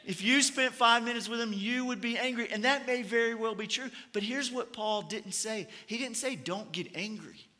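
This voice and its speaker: A high, bright male voice, preaching a sermon in a relaxed storytelling manner with light humor. His words carry a long hall reverb, as if from a church auditorium. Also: moderate pace, few pauses. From Kentucky. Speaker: pastor.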